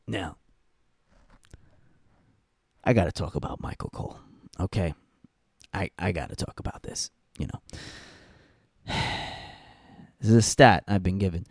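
A man's voice: sits low, a little slow, pauses often, darkish tone, no room sound, clean studio sound. A young adult man hosting a podcast, ranting in a blunt, profane way and repeating points for emphasis. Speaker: podcast host. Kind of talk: casual ranting commentary.

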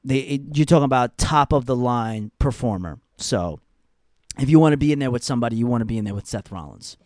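A man's voice: mid-range voice, fast, darkish tone, dry recording, clean studio sound. A young man giving casual, profane, rambling opinions on wrestling storylines, full of fillers and asides. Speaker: wrestling commentary podcaster.

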